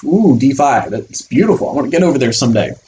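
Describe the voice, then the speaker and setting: A man voicing an eager, curious chess knight in a chess lesson, talking excitedly about a square it wants. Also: mid-range voice, quick pace, lo-fi sound, a little hiss or hum, close to an everyday voice.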